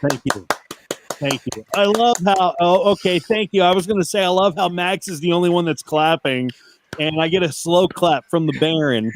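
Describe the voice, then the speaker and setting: A man's voice: high voice, moderate pace, slight background noise. A man co-hosting a casual wrestling podcast, joking around and calling out hype introductions like a ring announcer. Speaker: podcast co-host.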